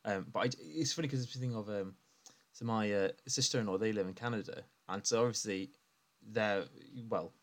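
A man's voice: on the low side, a little fast. A man co-hosting a podcast, telling stories in a rambling, casual way and laughing often as he talks. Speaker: podcast co-host. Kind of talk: casual chat.

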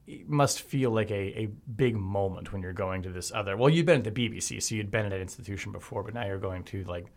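Guy hosting a chat show, kinda low voice, curious and easygoing with his questions. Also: fast. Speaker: podcast host. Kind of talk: casual interview.

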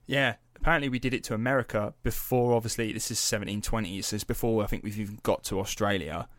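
A man's voice: fairly low pitch, fairly even intonation, quick pace, fairly bright tone, no echo, clean studio sound. A young man hosting a podcast, telling a story in a loose, chatty way, swearing freely and padding with fillers. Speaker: podcast host. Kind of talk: casual storytelling chat.

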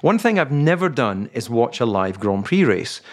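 A male podcast co-host talks in a wry, teasing manner and reads out listener questions with relaxed timing. His voice sits at an ordinary middle pitch for a man. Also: normal speed. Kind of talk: casual chat.

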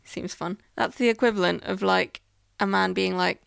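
A woman with a gravelly, fry-tinged voice, recorded close and dry. She chats casually and answers with wry, quick jokes. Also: medium pitch, steady tone, no room sound. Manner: wry, quick quips, laughs often. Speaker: podcast co-host. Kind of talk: casual chat.

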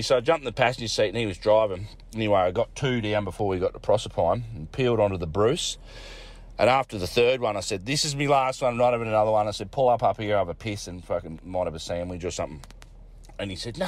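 An Australian man who sent in a recording tells a crude story casually, laughing and swearing heavily. His medium-pitched voice is animated and brisk.

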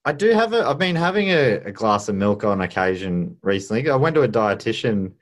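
A man's voice: fairly low pitch, sing-song, fairly quick. A man hosting a podcast, chatting casually with wry, rambling asides. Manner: rambling, self-interrupting, wry. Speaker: podcast host. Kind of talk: casual chat.

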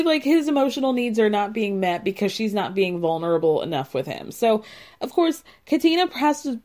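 A woman's voice: mid-range voice, very animated, normal speed, darkish tone. A woman hosting a podcast, recapping a reality show in casual, blunt and mocking commentary into a close mic. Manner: sarcastic, mocking and blunt, with filler "like".

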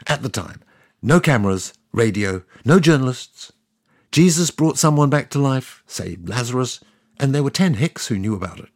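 A man's voice: medium pitch, animated, moderate pace, dry recording, clean studio sound, natural voice. A man plays God as a sardonic, chatty ancient deity, telling the story in a scripted comic monologue. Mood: wry.

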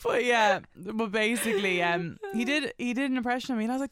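A woman hosting a casual radio interview, bubbly with quick exclamations. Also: fairly high pitch.

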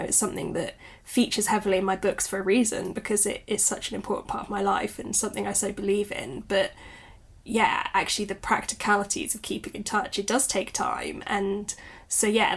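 Guest, woman, 30s; candid and reflective, gravelly and a bit husky. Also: mid-range voice. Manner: reflective, candid, laughs often. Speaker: guest, author and new mother. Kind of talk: conversational interview.

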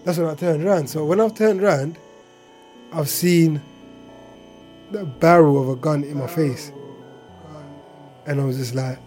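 A man's voice: fairly high pitch, unhurried, long pauses, mellow, faint music behind. A man casually telling a personal story, chatty and full of filler words and asides.

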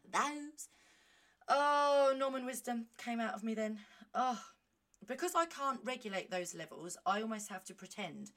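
A woman talking casually on her own podcast, animated and self-mocking, reading aloud with chatty asides. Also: medium pitch, a little fast, hardly any pauses. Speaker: podcast host. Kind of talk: casual solo monologue.

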